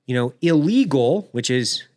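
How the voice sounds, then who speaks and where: Opinionated podcast host, dry sound. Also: male voice, mid-range voice, lively intonation, unhurried, darkish tone, dry recording. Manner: opinionated, conversational, with short laughing asides. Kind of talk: casual chat.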